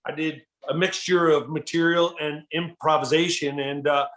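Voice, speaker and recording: A man, a guest comedian, telling a story in animated, enthusiastic casual chat, often saying "dude". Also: fairly high pitch, normal speed.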